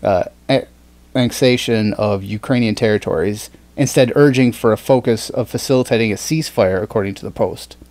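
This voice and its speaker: A man's voice: on the low side, fairly quick, darkish tone, dry recording. A man co-hosting a satirical podcast, reading news items aloud and breaking into crude jokes. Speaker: podcast co-host.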